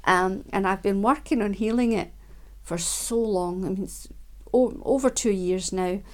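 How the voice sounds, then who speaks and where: Soft-spoken woman, self-help talk. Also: medium pitch. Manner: soft, unhurried, with many ums and quiet laughs.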